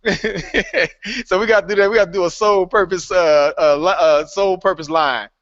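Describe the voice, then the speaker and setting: A man hosting a live online call, welcoming new members in a lively, playful way and laughing often. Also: high voice, normal speed, heavy background noise. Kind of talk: casual live call-in chat. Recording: dull lo-fi online call audio.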